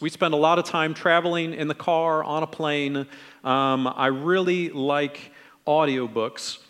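A middle-aged man preaching a conversational sermon in a relaxed, friendly way, acting out quoted lines in different tones. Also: a little high, long reverb tail. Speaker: pastor.

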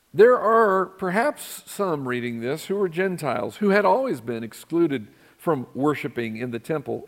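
Conversational man preaching a sermon. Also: fairly high pitch. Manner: conversational, asks the congregation questions. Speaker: pastor. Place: church sanctuary.

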